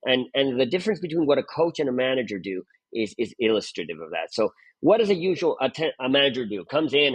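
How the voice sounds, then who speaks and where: A man's voice: medium pitch, big pitch swings, fast, slightly rough, no room sound. A man speaking as a guest performance mentor, emphatic and full of "right?" tag questions. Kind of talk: animated interview talk.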